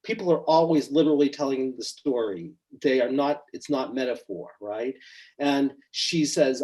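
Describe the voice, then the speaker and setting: A man's voice: medium pitch, moderate pace, breathy edge. A middle-aged man, a psychotherapist, recounting a client session on a podcast, acting out the quoted lines as he goes. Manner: animated, acts out quotes with rising intensity. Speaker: psychotherapist guest. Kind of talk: storytelling in a podcast interview.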